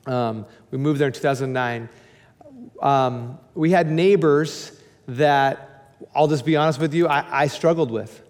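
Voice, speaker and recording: A male pastor telling a candid story in his sermon, animated and frank, jumping up to excited shouts. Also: medium pitch, unhurried, long reverb tail.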